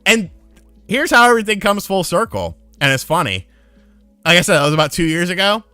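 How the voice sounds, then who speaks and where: Young man, streamer, bright tense voice, lively swooping pitch, profane storytelling, dry close mic. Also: a little fast, no echo, faint music behind. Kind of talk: casual storytelling to a live chat.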